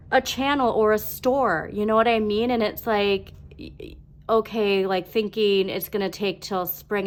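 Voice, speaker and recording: A woman doing a casual tarot reading to camera, bubbly and chatty, with many fillers and quick laughs. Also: medium pitch. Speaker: tarot reader.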